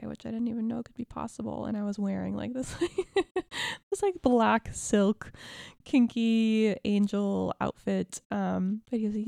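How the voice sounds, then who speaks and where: Young woman, podcast host, gravelly vocal fry, warm mellow tone, emotional storytelling. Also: medium pitch, measured pace, dry recording. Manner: gushing, emotional, filler-heavy.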